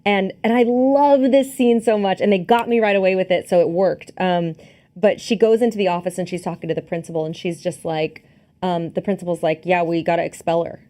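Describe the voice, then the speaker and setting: A woman's voice: medium pitch, fairly even intonation, a little fast, dark tone. Chatty woman recapping a movie. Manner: chatty, acts out scenes and quotes, many fillers and restarts. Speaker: podcast co-host. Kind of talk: casual movie review chat.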